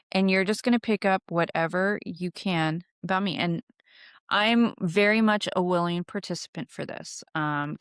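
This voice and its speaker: In a casual storytelling lesson, a young witchcraft podcast host teaches candidly, swearing freely and filling her speech with fillers. Her lowish voice is a bit bright, clear and resonant, with studio-quality audio and no room sound.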